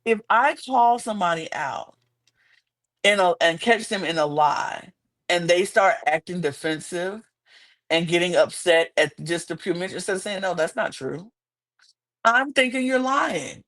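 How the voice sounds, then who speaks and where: Young female co-host: sassy, expressive and chatty, often leaping into squeaky outbursts. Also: normal speed. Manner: animated, sassy, swings into high-pitched exclamations. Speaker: podcast co-host. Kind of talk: casual reality-TV recap chat.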